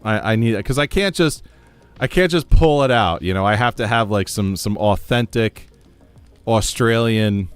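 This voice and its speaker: A man's voice: lowish voice, normal speed, smooth, soft background music. A man from the United States streaming a game, chatting casually, reading chat aloud and laughing often.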